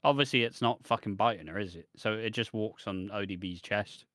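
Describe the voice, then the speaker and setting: British male co-host, low voice, crude and sarcastic, dry sound. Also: a little fast, a bit bright, no echo. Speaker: podcast co-host. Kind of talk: casual chat.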